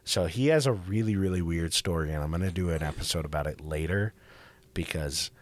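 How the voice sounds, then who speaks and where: A man hosting a podcast, telling history in a casual, profane, animated way. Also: low voice, a little fast. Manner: profane, animated, acts out quoted voices. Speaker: podcast host.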